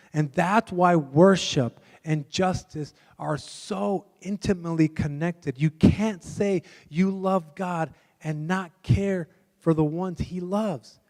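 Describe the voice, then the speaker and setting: Man preaching, high voice, chatty storyteller, long church-hall reverb. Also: a little slow. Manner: conversational storytelling, acting out quoted voices. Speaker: guest pastor. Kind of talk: sermon. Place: church sanctuary.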